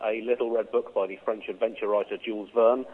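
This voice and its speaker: A man co-hosting a comedy podcast, delivering absurd jokes deadpan with frequent chuckles. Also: on the low side, fast, husky. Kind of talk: comic monologue and banter. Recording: phone-like narrow band.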